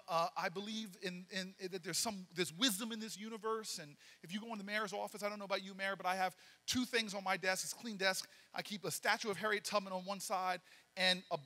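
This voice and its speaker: A man tells a story from the stage at a banquet and acts out each voice in an animated way. His voice sits high and sounds bright. It rings through a large hall with long reverb. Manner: animated storyteller acting out dialogue. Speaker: political speaker.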